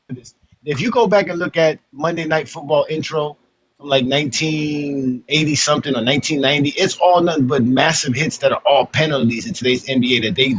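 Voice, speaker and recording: A man's voice: a little high, fairly bright tone, breathy edge. A man co-hosting a casual sports talk show, explaining his views thoughtfully. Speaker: podcast co-host. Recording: dull lo-fi sound with faint noise.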